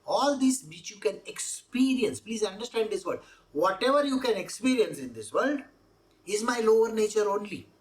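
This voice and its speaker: A woman's voice: mid-range voice, animated, normal speed. A woman explaining scripture verse by verse as a spiritual teacher, repeating her points and asking rhetorical questions. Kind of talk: scripture exposition talk.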